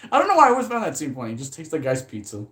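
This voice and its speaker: A man chatting casually about films in a loose, rambling way. He gets animated, swears freely, and laughs often between thoughts. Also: a little high, racing. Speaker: movie commentary vlogger. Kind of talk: casual chat.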